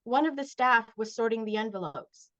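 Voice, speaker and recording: A woman's voice: fairly high pitch, moderate pace, a bit bright, lightly acted. A woman reading the lines of a polite, friendly teenage boy at summer camp, over a dull, lo-fi video call.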